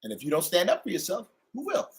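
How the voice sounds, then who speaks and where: A middle-aged man delivering a profane, ranting monologue to his channel, swinging between loud outbursts and low mutters. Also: huge pitch swings, quick pace. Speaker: channel host.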